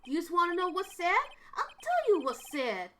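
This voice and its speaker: A woman doing a gruff Staten Island thug. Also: very high voice, wildly swooping pitch, moderate pace, noisy background, voice pushed up, heavily acted. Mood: scornful. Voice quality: gruff, tough-talking.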